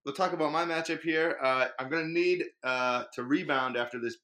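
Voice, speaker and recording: A man's voice: on the high side, brisk, pushed and bright. An American man co-hosting a casual podcast as league commissioner, chatty and laughing. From United States. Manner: laughing, chatty, pushes things along.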